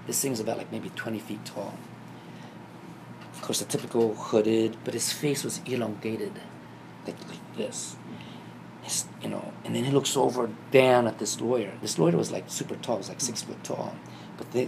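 A man casually telling a vivid dream story, acting out the scenes and getting animated and higher when excited. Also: gravelly. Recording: noisy background ambience.

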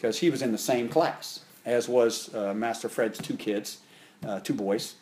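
A man in his fifties, a martial arts instructor, telling stories in a casual interview. He rambles and restarts often, and his voice jumps higher and louder when he gets animated. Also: unhurried, a little hiss or hum. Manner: rambling, with frequent restarts and fillers.

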